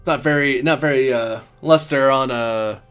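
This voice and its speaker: A man's voice: medium pitch, normal speed, a bit bright, smooth, soft background music, lightly acted. A man voicing a jolly, chatty foreign hunter with a put-on accent who ends his remarks with questioning tags. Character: jolly middle-aged foreign male hunter.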